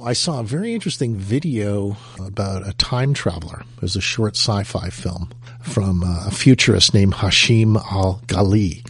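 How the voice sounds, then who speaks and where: A man's voice: fairly low pitch, moderate pace, noisy background. A man hosting a talk radio show, speaking in an easygoing way and chuckling between thoughts.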